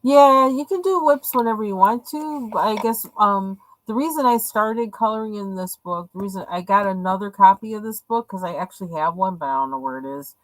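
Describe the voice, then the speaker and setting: Speaking at medium pitch, a woman coloring on a live stream chats briskly with hardly any pauses, yet she still rambles, hesitates, and leans on fillers. The audio is dry and rough.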